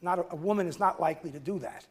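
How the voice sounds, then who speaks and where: A man in his seventies giving a lecture, telling personal stories conversationally with halting restarts. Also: high-pitched, husky. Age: 70s. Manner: conversational, halting restarts, acts out quoted voices. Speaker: guest lecturer. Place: lecture hall.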